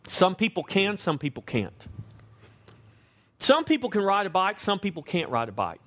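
A man preaching a sermon, emphatic, slowing to stress key words and asking the congregation questions. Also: on the high side, lively intonation, a bit bright. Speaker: pastor.

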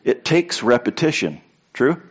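A man's voice: mid-range voice, very animated, a little slow, breathy edge, muffled recording. Man preaching a casual sermon. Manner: repetitive, conversational preaching with anecdotes. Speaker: pastor.

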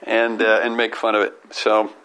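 A middle-aged man, a comedian, chatting casually on a family podcast and telling stories with quick self-corrections. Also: lowish voice, monotone, a bit bright, poor audio.

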